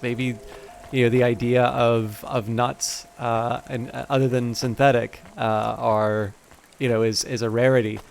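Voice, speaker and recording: A man's voice: medium pitch, gravelly, a little mellow, a little hiss or hum. A man casually commenting while streaming a game, rambling and hesitant with many fillers. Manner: rambling, hesitant, self-deprecating. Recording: game music under voice.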